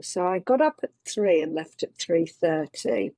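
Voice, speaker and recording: A woman's voice: fairly low pitch, expressive, a little slow, warm tone, dry recording. Earnest woman telling a long story. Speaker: makeup designer, guest. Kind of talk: conversational interview answers.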